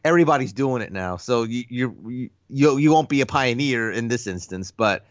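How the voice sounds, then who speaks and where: A laid-back man co-hosts a film podcast, talking in a slangy way with frequent laughs. His mid-pitched voice comes through a dry, slightly muffled, lo-fi recording. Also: lively intonation, normal speed, no room sound. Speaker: podcast co-host. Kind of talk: casual film chat. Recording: dry, dull lo-fi sound.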